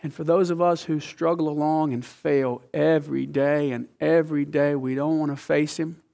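A man preaching a sermon with emphasis, dropping from loud phrases to hushed whispers and asking the listeners questions like a teacher. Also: a little high, steady tone, normal speed, creaky.

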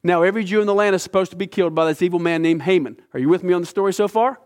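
A man leading a midweek Bible study, retelling the story in an animated way with casual slang. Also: sits high, rapid-fire. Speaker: Bible teacher.

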